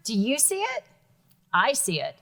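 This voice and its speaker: A woman school librarian joining a reading lesson, talking in a quick, chatty storytelling way. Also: on the high side, huge pitch swings, gravelly, fairly bright tone.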